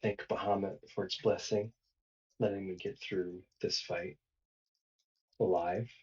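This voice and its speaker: Deep, husky man speaking from afar. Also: steady tone, measured pace, darkish tone, far from the mic, dull audio. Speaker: player. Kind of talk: casual tabletop play.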